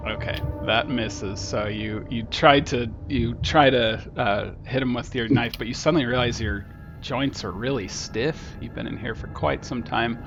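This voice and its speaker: A man's voice: medium pitch, fairly even intonation, moderate pace, creaky. A man narrating as game master of a tabletop game, laid-back and hesitant with many fillers. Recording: dull lo-fi audio with loud music.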